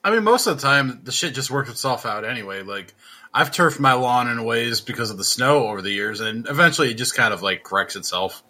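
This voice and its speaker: A man's voice: mid-range voice, lively intonation, brisk, bright, forceful tone. A man co-hosting a podcast, chiming in with wry, joking asides in casual chat.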